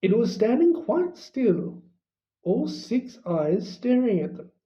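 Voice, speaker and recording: A reader narrating a storybook in an unhurried, expressive way. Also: mid-range voice. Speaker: audiobook reader. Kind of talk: storybook reading. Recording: dull lo-fi recording.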